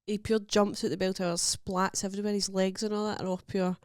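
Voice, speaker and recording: A Scottish woman co-hosts a comedy podcast, telling stories in a lively way and slipping into quoted voices. Her voice sits at a middle pitch for a woman. The sound is dry and close. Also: brisk, clear, resonant tone, no echo. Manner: animated storytelling with quoted voices and laughter. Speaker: podcast co-host. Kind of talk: casual comedy chat. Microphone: podcast microphone.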